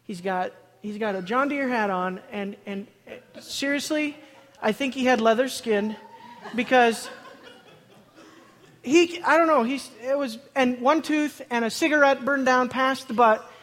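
Speaking to a live crowd in a large hall, a notably high-voiced man animatedly recounts a funny personal tale. He laughs often mid-sentence, restarts quickly, and repeats words in his excitement, while long reverb hangs in the air.

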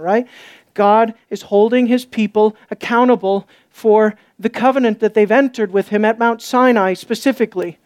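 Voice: fairly quick, a little mellow, no echo. Preacher type: emphatic, urgent teaching sermon, keeps checking the listeners follow, dry recording. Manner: emphatic, asks the listeners questions; rises to urgent, high-pitched stress. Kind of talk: expository sermon.

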